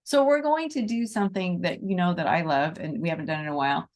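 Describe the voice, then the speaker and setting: A woman teaching an online Reiki group, chatting with enthusiasm and then guiding a slow, soft meditation. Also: on the low side. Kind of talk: casual chat and guided meditation.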